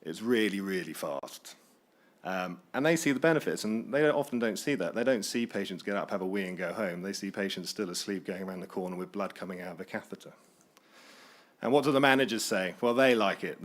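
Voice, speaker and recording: A man with a fairly low voice argues his case in a conference debate. He is energetic and persuasive, with punchy questions and answers. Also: brisk. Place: conference hall.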